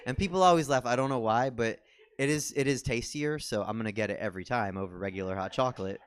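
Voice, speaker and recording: A man's voice: mid-range voice, fast, clear, resonant tone, no room sound. A man in his forties doing stand-up as the host of a small comedy show, rambling and self-deprecating, with lots of fillers. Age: 40s. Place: small comedy theater stage.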